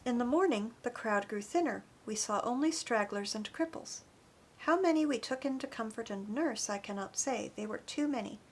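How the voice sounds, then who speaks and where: A woman reading an audiobook chapter in an earnest, expressive narration. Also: fairly high pitch, normal speed, breathy edge. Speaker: audiobook reader. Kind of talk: scripted narration.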